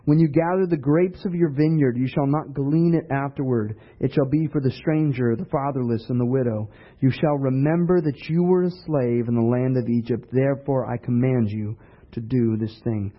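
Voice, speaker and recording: A man's voice: mid-range voice, moderate pace. Man preaching a casual sermon, lo-fi. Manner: conversational preaching with rhetorical questions. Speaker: pastor. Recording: dull lo-fi recording.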